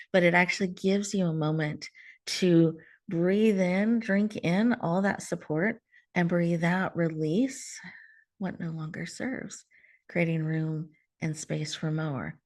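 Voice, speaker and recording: A woman leads a virtual audience through a slow breathing exercise, her lowish voice soothing and coaching. She sometimes drops almost to a whisper. The sound comes through a video call. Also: a little mellow. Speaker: host leading a guided breathing exercise. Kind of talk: gentle guided mindfulness talk.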